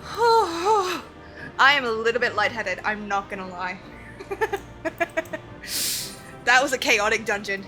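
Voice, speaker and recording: A woman game streamer talking to her viewers with a high, bright voice. She is excitable, swears freely and laughs often, and faint music plays softly under her talk. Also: takes it slowly, pauses often, rough recording. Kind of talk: live-stream chat while gaming.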